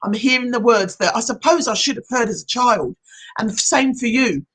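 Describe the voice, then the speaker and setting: A middle-aged woman, a hypnotherapist hosting a live-streamed chat, speaking in an encouraging, animated way. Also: a little high, moderate pace, breathy edge. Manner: encouraging, animated, reads viewer comments aloud.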